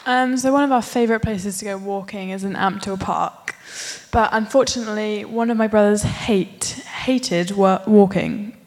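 A woman's voice: medium pitch, normal speed, darkish tone. A young woman telling a family story in a hesitant, storytelling way. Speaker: family member giving an illustration. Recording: long hall reverb, distant.

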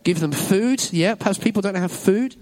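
A man's voice: high voice, normal speed, a little mellow. A man leading a children's talk in a church service, upbeat and encouraging, praising every answer. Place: church hall with an audience.

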